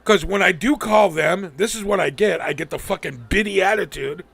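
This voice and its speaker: A man's voice: high-pitched, moderate pace, creaky, fairly bright tone, husky, dry recording. A man hosting a live stream, venting angrily and profanely, mocking the people he quotes. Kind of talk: ranting casual talk.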